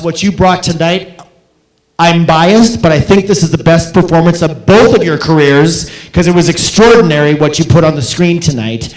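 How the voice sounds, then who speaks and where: A man's voice: fairly high pitch, roomy sound, low-quality recording. A man hosting a film Q&A as festival director, giving an effusive thank-you speech and repeating words for emphasis. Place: theater auditorium.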